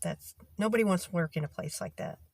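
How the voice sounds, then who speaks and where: Low-voiced woman telling a work story. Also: wildly swooping pitch, fast, creaky, darkish tone, husky. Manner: exasperated, acts out quoted voices. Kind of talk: casual storytelling to camera.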